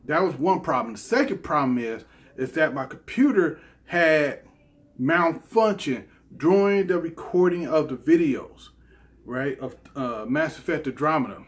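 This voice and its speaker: A man chats to his viewers in a loose, rambling way, full of restarts and filler words. He sounds apologetic as he explains, and his voice sits a bit on the high side for a man. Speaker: gaming channel host. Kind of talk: casual talk to camera.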